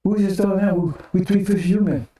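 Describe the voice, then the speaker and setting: An older preacher gives a casual sermon broadcast in a mellow, high-sitting voice, quick in pace with fairly even intonation. He leans on rhetoric, repeated phrases and the tags "right?" and "see?". An echoey room and distant mic shape the sound.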